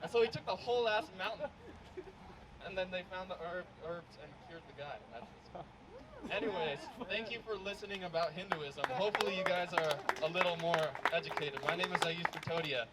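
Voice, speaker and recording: A young man tells a casual, rambling stand-up story outdoors, with a slightly high voice. The recording is noisy, as it was made out of doors. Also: brisk. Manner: casual, rambling with many likes. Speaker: stand-up comedian. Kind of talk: stand-up set. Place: outdoor show.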